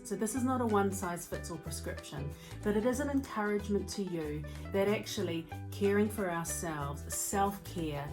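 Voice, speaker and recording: NZ-woman, mental health speaker; lowish voice, expressive conversational storytelling over faint music. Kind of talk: motivational talk.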